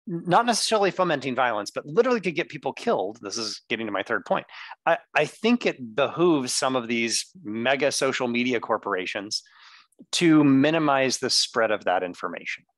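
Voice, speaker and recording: A man's voice: medium pitch, no room sound. A man co-hosting a podcast, arguing his points one by one in a casual debate. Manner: argues point by point, lively. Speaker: podcast co-host.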